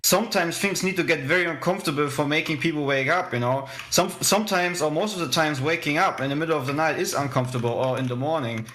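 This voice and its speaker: A man on a voice chat, preaching in a halting way with many ums. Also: fairly high pitch, fairly bright tone. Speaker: chat participant.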